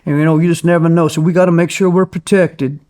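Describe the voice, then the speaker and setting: A man imitating a folksy male utility official with a slow, placating drawl. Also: fairly high pitch, steady tone, mellow, pitched above the performer's own voice, close to an everyday voice. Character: folksy country-boy male utility official, smooth talker.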